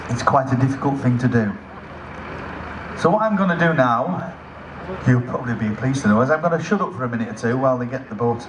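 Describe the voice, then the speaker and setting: A man in a mid-range voice gives relaxed, joking announcements over a public address system. The sound echoes across the outdoor site, with steady noise and traffic behind him. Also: mid-range voice, quick pace. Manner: chatty, self-mocking jokes between notices. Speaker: event announcer. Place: outdoors at a lakeside festival.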